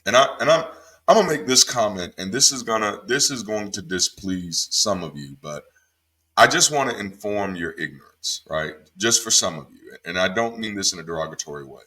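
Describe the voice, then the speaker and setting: Bright-voiced, emphatic ex-preacher man. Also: normal speed, slightly rough. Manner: emphatic, swears freely, swings from low and calm to sharp and high when heated. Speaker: former pastor turned online commentator. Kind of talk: casual Bible commentary.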